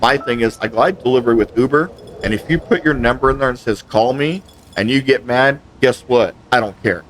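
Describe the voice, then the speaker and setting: A gaming channel host chats casually as he plays, spinning a long complaint story and voicing both sides of every conversation he quotes. His voice is medium in pitch and a little fast, with a slight hiss or hum underneath.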